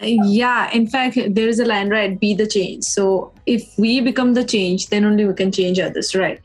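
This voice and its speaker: A woman podcast host posing formal, measured interview questions to her guest. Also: mid-range voice, steady tone, faint music behind, poor audio.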